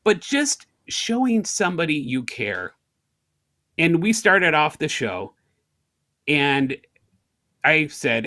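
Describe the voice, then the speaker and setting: On the high side and slow, with long pauses, this middle-aged man from the United States is a guest recounting everyday stories in a relaxed interview. He animatedly plays out little exchanges, switching voices for each side.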